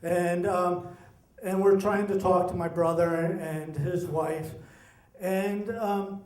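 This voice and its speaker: A middle-aged man telling a personal story, animated and acting out the voices of the people in it. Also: high voice, slow. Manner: animated, acts out quoted voices. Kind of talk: personal story told to an audience. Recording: echoey room.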